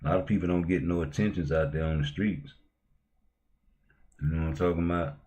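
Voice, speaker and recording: A man with a low, deep voice hosts a casual livestream. He talks in loose, profane, slang-heavy banter and keeps pushing into heated, loud outbursts. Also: steady tone, fairly quick, muffled recording. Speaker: livestream host.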